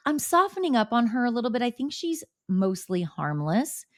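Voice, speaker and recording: Candid, animated woman podcaster. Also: fairly high pitch, normal speed, no echo, studio quality. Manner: animated, candid storytelling with swearing. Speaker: podcast host. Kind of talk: casual gossip chat.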